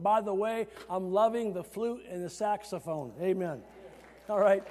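Man, pastor, lively sermon, high voice, long church reverb. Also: normal speed. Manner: animated preaching, rising to shouts; chatty asides with laughter. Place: church sanctuary.

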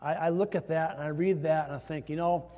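A pastor from Iowa preaches a sermon to his congregation in a church sanctuary, stressing phrases as his voice rises. His voice is a little high and dark in tone, with fairly even intonation and a slightly fast pace, and the recording carries hall reverb.

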